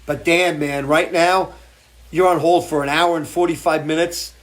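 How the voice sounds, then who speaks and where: A man's voice: fairly high pitch, fairly even intonation, normal speed. A middle-aged man hosting a live show from a porch, ranting in a blunt, profane, emotional way. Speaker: show host. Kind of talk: impassioned live-stream rant. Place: porch, outdoors.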